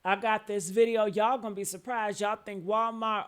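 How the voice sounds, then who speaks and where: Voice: mid-range voice, level tone, normal speed, a bit bright, clear, resonant tone. A speaker, giving an indignant video intro straight to viewers. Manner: indignant, addresses viewers as y'all.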